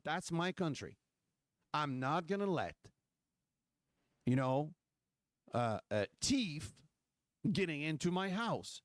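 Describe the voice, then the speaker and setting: Male host, impassioned rant, higher voice, dry close sound. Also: very animated, slow, pauses often, dry recording. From Quebec. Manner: fiery, repetitive, full of rhetorical questions. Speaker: political livestream host.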